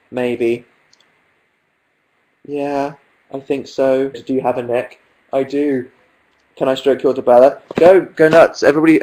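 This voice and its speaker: A young man talks into his webcam mic from the sofa at home, reading out viewer questions. His humor is dry and self-mocking, with plenty of deadpan asides. The tone stays casual throughout. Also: mid-range voice, poor audio. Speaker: livestream host. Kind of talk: casual livestream chat.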